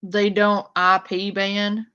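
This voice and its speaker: Woman streamer, unhurried delivery, blunt and confrontational, muffled lo-fi sound. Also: medium pitch, flat delivery, a bit bright, clear, resonant tone. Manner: blunt, confrontational, addresses chat directly. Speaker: commentary streamer. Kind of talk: casual live-stream commentary.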